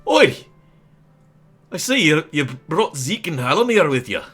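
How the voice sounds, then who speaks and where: A man voicing a gruff bearded male tavern keeper in a tabletop game, with a put-on rough British-style accent that keeps slipping and a loud, jokey, accusing manner. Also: mid-range voice, wildly swooping pitch, moderate pace, soft background music, voice pushed up. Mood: rowdy.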